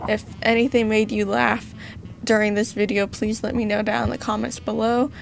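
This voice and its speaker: Tired Southern-accented woman, gravelly voice. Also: medium pitch, little pitch movement, normal speed, slight background noise. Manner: chatty, thinks aloud, swaps in mild cutesy cursing. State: tired, voice wearing out. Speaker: gaming channel host. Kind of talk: casual let's-play commentary.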